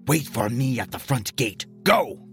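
A man's voice: deep voice, expressive, measured pace, faint music behind. A man doing a cold, menacing army officer. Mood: barking order. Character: cold, controlled male military officer.

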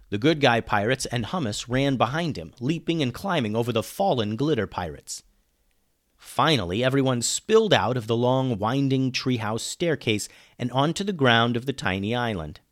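A man reading a children's pirate adventure story aloud, lively and dropping low on the speech tags.

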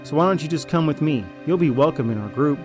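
A man's voice: fairly high pitch, expressive, fast, music in the background, natural voice. A man voicing a manipulative male raider in an audio drama, falsely friendly and then arrogant and threatening. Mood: smug, menacing. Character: smug, deceitful male raider, manipulative and menacing.

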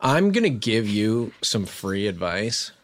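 A man co-hosting a comedy podcast, dropping dry, deadpan asides. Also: lowish voice, slow pace, dry recording. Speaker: podcast co-host. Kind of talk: improvised comedy podcast banter.

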